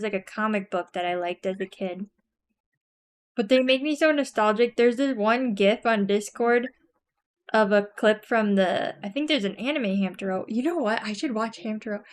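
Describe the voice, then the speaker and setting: A woman's voice: on the high side, clean tone. A young woman streamer chatting casually while crafting, rambling with lots of fillers and frequent giggles.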